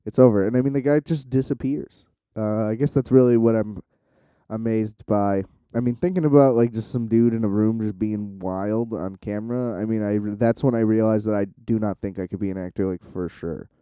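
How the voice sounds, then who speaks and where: A young man with a very dark, mellow voice, rambling loosely into a close, dry mic. He swears freely and keeps restarting his sentences, talking casually to the camera. His voice sits a little low and comes across smooth. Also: fairly even intonation, a little fast, no room sound. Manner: loose, profane, full of "like" and restarts. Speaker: vlogger.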